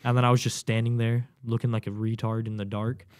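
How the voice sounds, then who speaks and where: A man's voice: medium pitch, quick pace. Young man telling a rowdy bootcamp story. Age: young adult. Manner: animated, swearing, acts out quotes loudly. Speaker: podcast guest, new Marine. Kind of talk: casual storytelling. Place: podcast studio.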